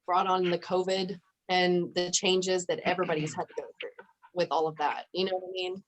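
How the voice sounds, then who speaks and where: A woman's voice: lowish voice, flat delivery, brisk, dull audio. A woman in a casual group video chat, talking on and checking in with "you know what I mean?". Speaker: group member.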